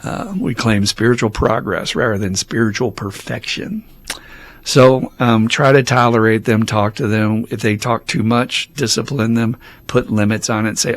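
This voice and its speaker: Low-voiced man on a podcast. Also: normal speed. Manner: frank and conversational, laughs between points. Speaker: podcast host and recovery sponsor. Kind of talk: casual podcast talk answering listener questions.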